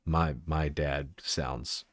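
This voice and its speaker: A man's voice: rumbling low, steady tone, drawn-out words, no echo, studio quality. A man from Texas with a Texan accent, chatting casually on a livestream, rambling, giggling and trailing off into asides.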